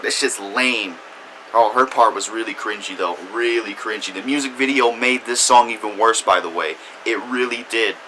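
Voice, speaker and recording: A man ranting about a song in a loud, profane, exaggerated commentary full of cursing. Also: on the low side, slight background noise, low-quality recording. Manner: angry, cursing, exaggerated outbursts. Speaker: music reviewer.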